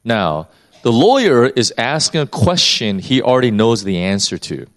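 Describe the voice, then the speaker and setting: Animated man teaching from the Bible. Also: medium pitch, moderate pace. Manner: animated, repeats words while thinking. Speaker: preacher.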